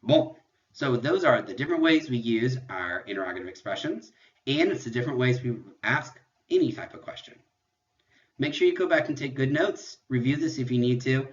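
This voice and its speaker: A man teaching a French lesson in a recorded lecture, patiently explaining and repeating examples slowly. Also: mid-range voice, lively intonation, muffled recording.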